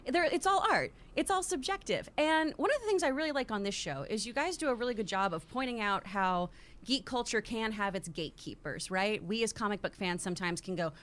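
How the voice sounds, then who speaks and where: A woman guest talks through her opinion in a thoughtful, explanatory way. Her voice sits at a middle pitch. She sounds measured rather than heated. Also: lively intonation, fairly bright tone.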